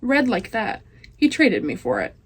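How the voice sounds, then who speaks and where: A teenage girl reading aloud, voicing a loud, simple, half-deaf serving girl with rustic speech. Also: a little high, huge pitch swings, unhurried, slightly rough, heavily acted. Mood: loud, eager. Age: teens. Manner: shouting, rustic dialect.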